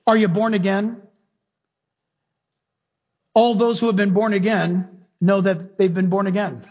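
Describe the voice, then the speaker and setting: A male preacher with a high, husky voice delivers a sermon with emphatic force. He keeps putting questions to the congregation and leans hard on key words. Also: flat delivery, measured pace, darkish tone.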